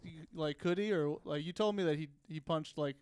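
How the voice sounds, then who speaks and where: A man who is a comedian guest on a casual podcast, joking along with easy, quick asides. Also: a little high, a little mellow, clear, resonant tone, dry recording.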